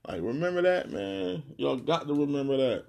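A man's voice: a little high, expressive, moderate pace, a little mellow. A man from New Jersey talking in a casual monologue, ranting bluntly with heavy slang and a lot of repetition. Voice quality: gravelly, husky.

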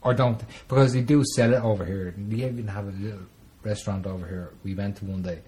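A man chatting casually, blunt and quick with swearing asides. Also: on the low side, fairly even intonation, warm tone. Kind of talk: casual chat.

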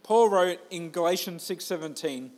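A man gives a sermon in a loose, chatty way. His voice sits high for a man, and he pokes fun at himself as he goes. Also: normal speed, a little mellow. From Australia. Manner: conversational, self-deprecating, with restarts. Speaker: pastor.

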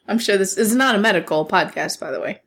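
A woman with a hoarse, sick voice co-hosting a movie podcast, making dry, wry remarks. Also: mid-range voice, fairly quick, a bit bright. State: hoarse from laryngitis. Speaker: podcast co-host. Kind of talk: casual movie review chat.

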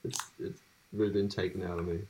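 A man's voice: sits low, level tone, fast talker, dark tone, slight background noise. A young man co-hosting a podcast, chatting casually, rambling with frequent laughter and casual swearing. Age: young adult. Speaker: podcast co-host. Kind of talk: casual chat.

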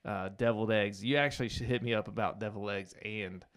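A man hosting a podcast in casual chat, relaxed and chuckling, with asides that trail off. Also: fairly low pitch, quick pace, clear, resonant tone. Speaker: podcast host.

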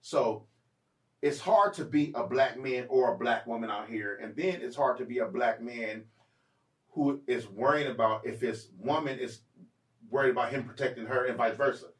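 A man's voice: medium pitch, moderate pace, distant mic. A man hosts a podcast in loose, rambling conversation, circling back with restarts and fillers. His voice is set back from the microphone in an echoey room. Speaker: podcast host. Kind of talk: casual chat.

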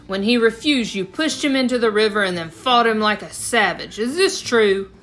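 A woman's voice: on the high side, moderate pace, fairly bright tone, lightly acted. A woman reading an audiobook voices a strict, formal middle-aged father scolding his sons. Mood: stern. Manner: formal, clipped, severe.

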